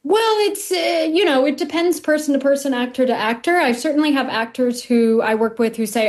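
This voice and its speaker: A woman working as a dialect coach, explaining her work clearly in an interview, with some fillers. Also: sits high, fairly quick, hardly any pauses. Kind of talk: interview answers.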